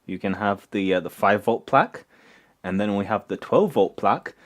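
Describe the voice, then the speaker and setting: A man hosting a casual live stream from his home workshop, rambling and halting with many fillers. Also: on the low side, lively intonation. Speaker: streamer and electronics maker.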